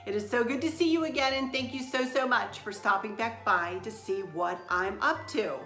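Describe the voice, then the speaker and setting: Soft music plays as a middle-aged woman hosts a craft tutorial from home, her high, pushed, bright voice moving at a normal speed. She chats in an upbeat, rambling way, and the roomy recording has faint background noise.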